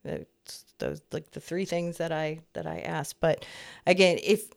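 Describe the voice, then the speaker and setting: A woman's voice: low voice, fairly even intonation, measured pace, vocal fry. A woman in her fifties co-hosting a podcast, chatting in a rambling, easygoing way and laughing often. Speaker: podcast co-host. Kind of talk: casual chat.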